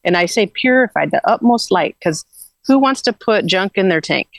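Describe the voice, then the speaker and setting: A woman's voice: mid-range voice, expressive, normal speed, no echo, poor audio. A woman guest earnestly recounting a spiritual journey in casual, rambling talk with frequent restarts.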